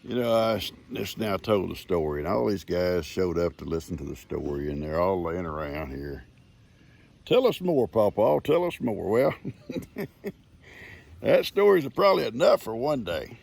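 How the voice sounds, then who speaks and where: A man's voice: low-pitched, expressive, normal speed, creaky. An older man, chuckling as he tells a folksy story on his farm. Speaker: vlogger. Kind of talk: casual storytelling. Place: outdoors on a farm.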